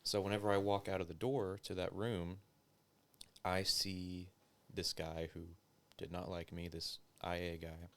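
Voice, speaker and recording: Low gravelly man telling a story. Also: little pitch movement, unhurried. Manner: loose and profane, heavy use of filler words. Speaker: interview guest, former police officer. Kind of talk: casual conversational storytelling.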